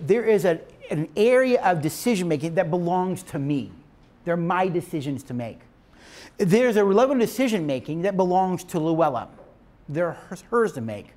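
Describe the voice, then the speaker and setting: Emphatic man lecturing couples, lively pitch. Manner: emphatic, preacher-like, asks the class questions. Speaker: marriage teacher.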